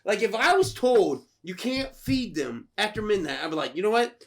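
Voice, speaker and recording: A man co-hosting a podcast, retelling a film scene by scene, swearing freely and shouting out the characters' lines. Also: high-pitched, moderate pace. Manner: profane, excitable, shouts impressions of characters. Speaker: podcast co-host. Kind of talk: animated movie recap, acting out scenes.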